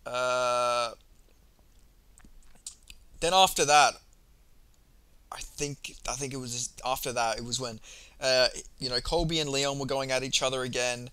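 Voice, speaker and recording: A young man recapping a press conference in a casual, excitable monologue, swearing freely and rambling through lots of fillers. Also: mid-range voice, measured pace, pauses often, smooth. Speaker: MMA commentary vlogger.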